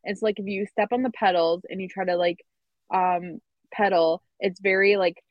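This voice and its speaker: Casual chatty woman telling a story, medium pitch, dry muffled sound. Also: steady tone, normal speed, dry recording. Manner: rambling storytelling, lots of "like". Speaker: podcast co-host. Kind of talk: casual chat.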